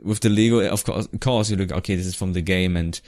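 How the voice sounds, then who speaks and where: Low-voiced man rambling casually. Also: fast talker, darkish tone. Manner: rambling, restarts often, laughs now and then. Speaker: vlogger. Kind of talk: casual commentary over his old video.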